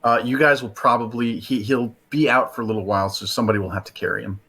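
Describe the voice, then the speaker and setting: A man narrating as game master, halting with fillers as he explains rulings. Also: medium pitch, steady tone, pushed and bright, breathy edge.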